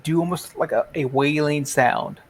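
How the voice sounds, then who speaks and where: A man's voice: fairly high pitch, steady tone, moderate pace. A man describing his character's actions in a tabletop game, hesitant and full of fillers. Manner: hesitant, many fillers and restarts. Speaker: player.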